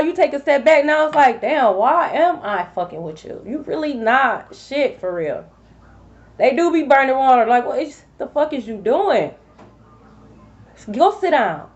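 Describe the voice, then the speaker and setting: A woman giving a collective tarot reading, blunt and profane, repeating her points for emphasis. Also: high-pitched. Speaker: tarot reader. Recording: dull lo-fi recording.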